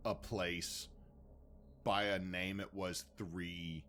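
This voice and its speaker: A man's voice: low voice, little pitch movement, very slow, a bit bright, slight background noise. A man co-hosting a podcast, chatting casually in rambling banter with restarts. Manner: rambling, stumbles and restarts, trivia-loving banter. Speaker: podcast co-host. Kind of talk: casual chat.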